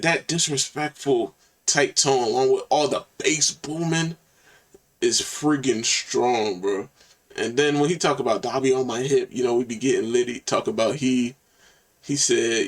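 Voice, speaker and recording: A man hosting a reaction video, chatting excitedly in casual slang about a song he just heard. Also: medium pitch, recorded from a distance. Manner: excited, slangy, quotes lyrics back.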